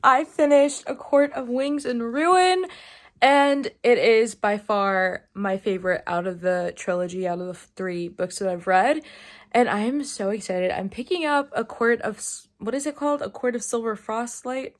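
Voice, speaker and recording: A woman vlogging her reactions to a book, talking casually and excitedly, gushing with squeals and sudden hushed asides. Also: on the high side, moderate pace. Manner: excitable, gushing, swings between whispers and squeals. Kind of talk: casual reading reaction vlog.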